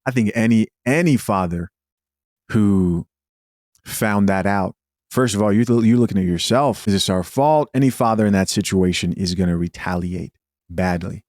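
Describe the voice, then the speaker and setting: Deep-voiced male reaction host. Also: normal speed, darkish tone, no room sound, clean studio sound. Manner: thinks aloud, hesitant and wry. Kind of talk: reaction commentary.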